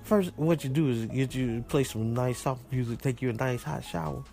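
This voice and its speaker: A man's voice: mid-range voice, moderate pace, vocal fry, dark tone, faint music behind. A man hosting a casual call-in show, joking around in a playful, slangy storytelling way. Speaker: podcast host answering voice messages.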